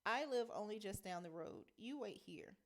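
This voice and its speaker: A woman's voice: medium pitch, lively intonation, moderate pace, lightly acted. A woman reading a novel aloud, voicing a friendly, overly polite middle-aged man who talks in an amiable, rambling way.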